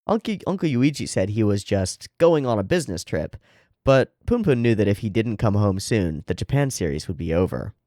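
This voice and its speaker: A man reads a manga aloud and chats about it in an easy, animated way. His pitch moves a lot as he talks, and he swears casually. The room sound is dry and close. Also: a little fast, no echo. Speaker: manga reader and channel host.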